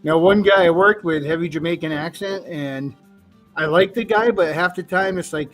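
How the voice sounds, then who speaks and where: A man's voice: fairly high pitch, normal speed, faint music behind. A man from New England in casual group chat, telling stories in an easygoing way. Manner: easygoing storyteller. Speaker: co-host.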